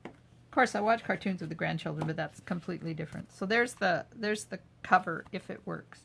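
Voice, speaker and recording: A woman's voice: on the low side, brisk, vocal fry, a bit bright, a little hiss or hum. An older woman hosting a live craft demo. She narrates each step as she works and chats back to viewer comments. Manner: chatty, answers viewer comments while working. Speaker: craft video host. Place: home craft room.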